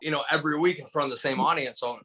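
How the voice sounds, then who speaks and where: A young Michigan man, a stand-up comic appearing as a podcast guest, talks very fast in a slightly high, husky voice. He animatedly tells stories in casual chat packed with "like" fillers, and the recording is rough.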